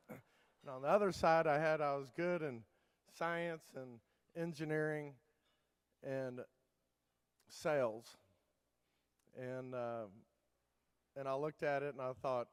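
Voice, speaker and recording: A man's voice: medium pitch, steady tone, slow, pauses often, clean tone. A man giving a keynote talk, telling his story in a loose, rambling way with many fillers and restarts. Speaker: keynote speaker. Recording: long hall reverb.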